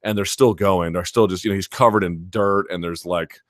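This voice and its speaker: A man's voice: deep voice, steady tone, moderate pace, no room sound, studio quality. A male host of a live chat show, telling a long story casually with many fillers and restarts.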